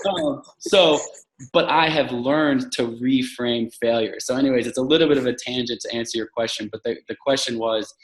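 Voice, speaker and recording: A man's voice: mid-range voice, fairly even intonation, moderate pace, roomy sound, rough recording. A man speaking earnestly and reflectively as a podcast guest, with frequent fillers and restarts. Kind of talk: casual interview talk.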